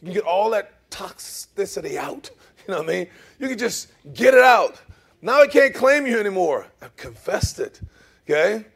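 A middle-aged man preaching a sermon, emphatic, swinging between loud emphasis and soft asides, often checking in with "okay?" and "amen?". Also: high voice, very animated, moderate pace, gravelly, husky. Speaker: pastor.

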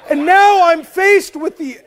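A man preaching a sermon as a pastor, telling stories with humor in a conversational way. He is animated, dropping to soft asides and then rising into loud, emphatic bursts. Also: extremely high pitch, slow, some chatter behind, slight background noise. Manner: conversational, with frequent "like" and repeated starts.

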